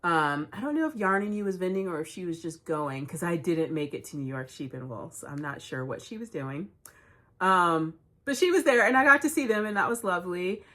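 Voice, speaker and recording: A woman, hosting a knitting vlog, telling stories in a chatty, animated way and laughing often. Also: lowish voice, fairly quick. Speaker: knitting podcast host. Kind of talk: casual storytelling vlog.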